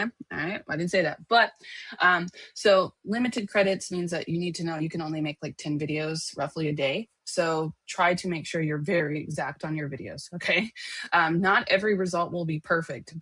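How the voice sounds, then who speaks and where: A woman's voice: deep voice, fairly bright tone, breathy edge, no echo. A woman teaching a casual screen-share tutorial, chatty and often checking in with her listeners. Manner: chatty, checks in with "okay?" and "right?". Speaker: online course teacher.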